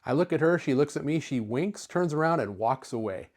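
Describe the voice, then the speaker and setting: A man's voice: on the high side, animated, brisk, a little mellow. A man in his fifties, a retro-computer video host, casually telling a personal story to camera in a chatty, easygoing way. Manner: chatty, easygoing, with filler words.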